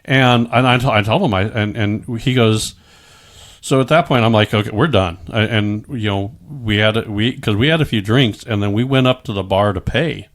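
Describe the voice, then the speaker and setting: A man's voice: fairly low pitch, moderate pace. A middle-aged man telling his own story in casual chat, rambling with many stammered restarts and frequent swearing.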